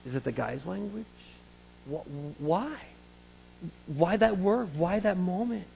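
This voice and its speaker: A male pastor delivers a sermon in a casual, animated way, moving from loud excited bursts to soft, hushed asides. His voice sits a little higher than most men's. A long reverb trails every phrase, as in a large hall. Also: takes it slowly, creaky, a little hiss or hum.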